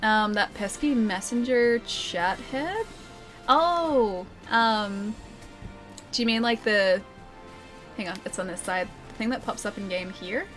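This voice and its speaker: A woman's voice: medium pitch, slow pace, fairly bright tone, soft background music. A young Australian woman streaming a game, chatting casually with her chat and laughing often.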